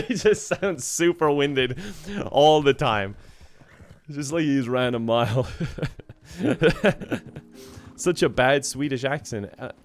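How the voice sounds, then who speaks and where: A man's voice: medium pitch, takes it slowly, pauses often, soft background music. A man streaming a game, chatting casually with viewers, laughing often and thanking them for donations. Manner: laughs often, reads out chat donations, rambling. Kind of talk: casual gaming livestream chat.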